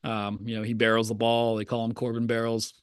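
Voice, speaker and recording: A man's voice: mid-range voice, completely flat delivery, a little fast, smooth, no echo, studio quality. A man co-hosting a podcast, chatting casually in a rambling way with many fillers and restarts. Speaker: podcast co-host, writer. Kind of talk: casual chat.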